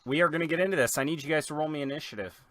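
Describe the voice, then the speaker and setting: A man's voice: fairly high pitch, rapid-fire, fairly bright tone, dry recording. A man as game master, explaining rules and narrating scenes in a tabletop role-playing game.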